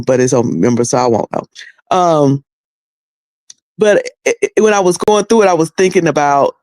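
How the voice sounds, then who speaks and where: A middle-aged woman offers loose, candid commentary on a video as an online commentator, rambling and frequently repeating herself. Her voice is very deep and warm, with no echo.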